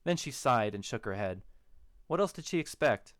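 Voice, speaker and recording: A man narrating a story in a steady, even storytelling manner. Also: medium pitch, moderate pace, dry recording. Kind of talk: audiobook narration of a fan story.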